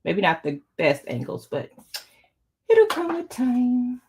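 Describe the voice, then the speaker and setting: A woman's voice: fairly high pitch, huge pitch swings, slow pace, a little mellow, a little hiss or hum. A middle-aged woman hosting a casual live quilting tutorial, chatting with her viewers as she sews. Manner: chatty, talks to viewers while working. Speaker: quilting channel host.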